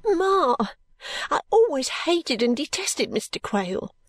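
A woman voicing a tearful, emotional young woman who pleads in a high voice. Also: sing-song, slow pace, dry recording, exaggerated voice. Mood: tearful pleading.

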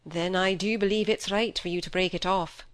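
A woman reading an audiobook, voicing a grave, fatherly older male doctor who speaks slowly and with measured reason. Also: mid-range voice, steady tone, close to an everyday voice. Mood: gentle. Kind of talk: audiobook character voice.

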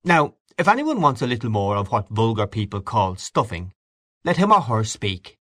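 A man's voice: fairly low pitch, very animated, normal speed, a bit bright, dry recording. A genial dinner host, as a male reader puts him on, speaks with amiable mock formality. His speech moves freely up and down. The sound is close and dry.

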